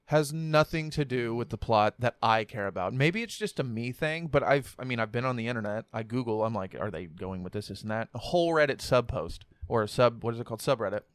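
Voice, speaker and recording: A man's voice: medium pitch, expressive, fairly quick, few pauses, clear, resonant tone, dry recording. A man co-hosting a casual podcast, ranting his opinions with a lot of swearing. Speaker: podcast co-host. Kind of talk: casual chat. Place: home podcast setup. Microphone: studio mic turned sideways.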